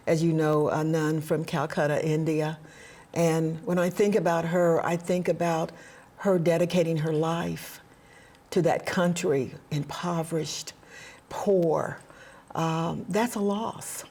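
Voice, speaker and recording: A woman guest in an interview, speaking earnestly about faith and helping others, with frequent hesitant pauses. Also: sits low, warm tone. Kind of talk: heartfelt conversational interview.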